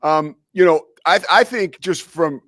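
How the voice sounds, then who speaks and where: A male talk show host interviewing a guest casually, halting and repeating words, enthusiastic. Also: on the high side, a bit bright, no room sound, clean studio sound.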